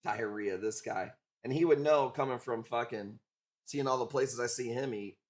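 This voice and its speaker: A man's voice: medium pitch, moderate pace. Profane joking streamer guy. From Illinois. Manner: loose, profane, joking banter. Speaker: livestream host selling coral. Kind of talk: casual livestream auction chat.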